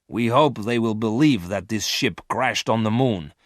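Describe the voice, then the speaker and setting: A man's voice: fairly low pitch, unhurried, no room sound, studio quality, lightly acted. A man voicing a ruthless male space criminal leader who talks in a harsh, commanding way. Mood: explaining.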